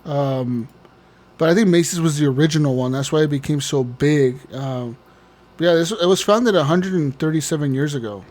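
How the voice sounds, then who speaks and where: A man co-hosting a casual podcast, ranting in a profane, animated way and laughing often. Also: on the high side, normal speed. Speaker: podcast co-host.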